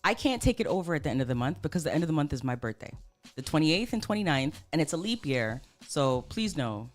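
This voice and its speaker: A woman with a Toronto accent co-hosts a loose radio chat. Her voice sits on the low side but swings widely as she jokes and teases. Faint music plays in the background. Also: fast talker. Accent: Canadian, Toronto. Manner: animated, joking, teasing. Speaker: radio co-host.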